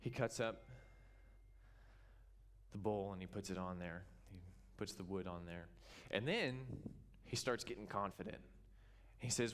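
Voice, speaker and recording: Man preaching a lively story sermon. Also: low-pitched, measured pace, pauses often. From Kansas. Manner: animated storytelling, acting out the characters. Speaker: pastor. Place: church.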